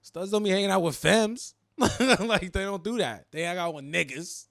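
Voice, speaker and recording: Guy hosting a podcast, kinda high voice, dry, swears a lot and keeps laughing. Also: moderate pace, creaky, no room sound. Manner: animated, profane, laughs often. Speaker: podcast host. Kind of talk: casual podcast chat.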